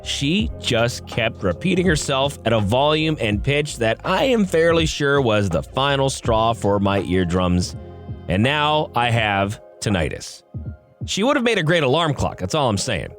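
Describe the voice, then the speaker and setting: Male podcast narrator, lively pitch, sarcastic commentary. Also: a little slow, soft background music. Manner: sarcastic asides, expressive delivery. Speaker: podcast host. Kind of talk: reading online stories aloud.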